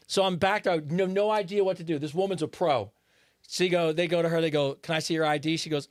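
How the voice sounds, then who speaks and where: Higher-voiced man swapping raunchy stories. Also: fast, dry recording, studio quality. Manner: loose, laughing anecdotes with profanity. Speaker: podcast co-host. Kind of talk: casual storytelling chat.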